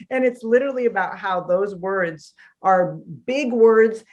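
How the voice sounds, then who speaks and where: A woman's voice: mid-range voice, a little slow, few pauses. A woman author, a guest in a conversational interview, telling stories with animation and acting out the voices she quotes.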